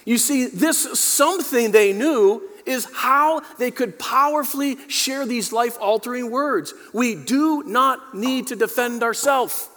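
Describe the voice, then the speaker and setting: A male pastor delivering a dynamic sermon, addressing the congregation directly and swinging from quiet, low passages to emphatic peaks. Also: takes it slowly, few pauses. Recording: long hall reverb.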